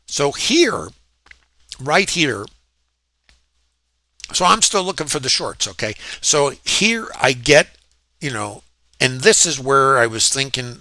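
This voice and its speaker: A man's voice: medium pitch, bright, forceful tone, no room sound. A man walking through his trades in a casual, rambling lesson, often asking rhetorical questions. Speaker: trading educator. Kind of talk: screen-share trading lesson.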